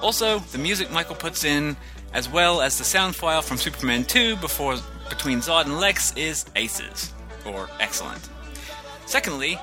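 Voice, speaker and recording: A man's voice: medium pitch, animated, brisk, music in the background, lightly acted. A man reading a listener email while playing a cheerful Australian letter writer, in an exaggerated faux Australian accent that slips toward British. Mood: jolly.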